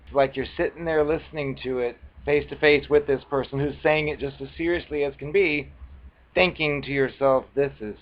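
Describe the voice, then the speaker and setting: A man's voice: on the high side, fairly even intonation, moderate pace, muffled recording. Scornful man reading with mocking commentary. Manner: scornful, mocking, loose and conversational. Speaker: video blogger reading from a book. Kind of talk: casual commentary and read-aloud.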